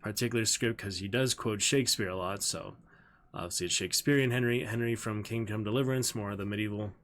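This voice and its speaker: A man's voice: on the low side, fast talker, a bit bright. A man streaming casually as he learns his stage lines, thinking aloud and repeating the script again and again. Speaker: streamer and community theater actor.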